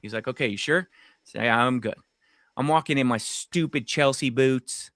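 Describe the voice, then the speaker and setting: A middle-aged man, co-hosting a podcast and telling an animated story in casual chat, swearing freely. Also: mid-range voice, normal speed, slight background noise. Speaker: podcast co-host.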